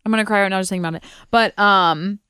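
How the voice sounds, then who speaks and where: A young woman co-host chatting on a podcast, excitable and full of exclamations. Her voice is smooth and clear, recorded dry and close with no room sound. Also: medium pitch, no echo. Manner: gushing, chatty, quick to exclaim. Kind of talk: casual chat.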